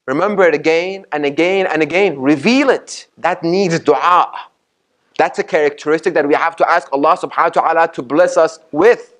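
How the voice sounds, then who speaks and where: A man preaching with a somewhat high voice, pressing each point and repeating it again and again. He puts questions to his listeners and recites Arabic sayings before he explains them, speaking as a sheikh in a mosque hall. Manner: emphatic and repetitive, asks the audience questions. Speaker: sheikh giving a Ramadan lecture. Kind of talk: sermon.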